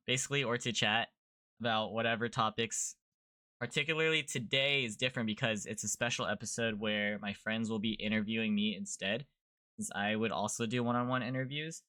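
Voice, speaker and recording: A young man hosting a casual livestreamed podcast, chatty and relaxed, rambling a little with fillers. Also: medium pitch, dry recording. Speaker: podcast host.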